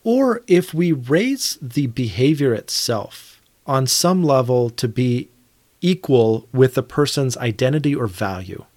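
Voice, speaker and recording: A man's voice: medium pitch, big pitch swings, a little slow, darkish tone, no echo. A man in his thirties co-hosting a podcast, talking earnestly and thinking aloud, sometimes restarting his sentences. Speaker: podcast co-host. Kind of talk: reflective conversational discussion.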